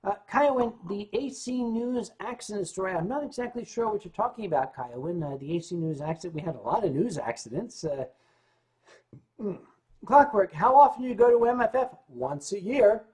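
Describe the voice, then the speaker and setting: A man livestreaming answers chat in a brisk, casual way, his lively intonation swinging widely in pitch and loudness as he tells stories. Serious turns in the talk make him stumble and restart.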